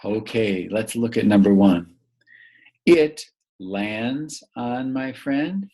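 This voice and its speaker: A man teaching a recorded grammar lesson to young children, patient and prompting them to pause and answer. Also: lowish voice, expressive, mellow.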